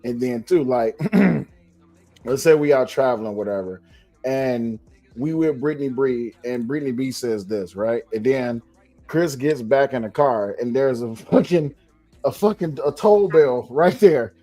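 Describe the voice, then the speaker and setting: A man's voice: mid-range voice, measured pace, dark tone, faint music behind. A man hosting a casual live podcast, talking loose and emphatic with slang. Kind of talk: casual livestream chat.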